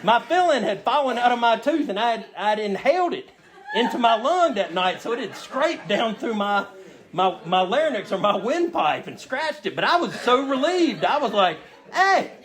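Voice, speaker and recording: A man's voice: extremely high pitch, sing-song, moderate pace, a bit bright. A man telling a humorous personal story to a meeting audience, acting out his own lines as he goes. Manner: storytelling, acts out his own quotes in a raised voice. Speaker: recovery meeting speaker. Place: meeting room with a live audience. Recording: audience laughter in the room.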